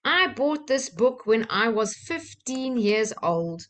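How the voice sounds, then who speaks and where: A woman, a personal-development trainer from South Africa, telling a candid personal story with soft laughs and fillers. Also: fairly high pitch, very animated, takes it slowly.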